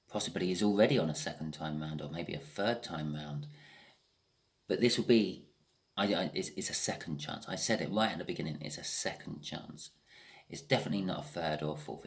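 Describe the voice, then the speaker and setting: A man giving a casual tarot reading, thinking aloud with frequent restarts and the odd swear word. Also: low-pitched. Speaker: tarot reader.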